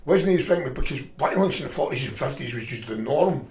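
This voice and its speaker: A middle-aged man telling stories in a profane, rambling, animated way. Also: medium pitch, a little fast, roomy sound. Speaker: podcast guest. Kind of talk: casual storytelling chat.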